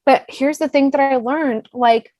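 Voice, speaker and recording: A woman in her thirties with a foreign accent, a business coach telling her own story as a podcast guest, animated and full of "like" and "right?". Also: high-pitched, measured pace, no echo. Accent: non-US foreign accent. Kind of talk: personal storytelling in a podcast interview.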